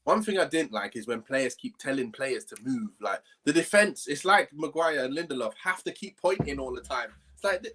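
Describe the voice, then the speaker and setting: A man's voice: medium pitch, expressive, normal speed, hardly any pauses, sharp tone, slightly rough. A man co-hosting a casual football chat, earnest and talking in long runs. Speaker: podcast co-host.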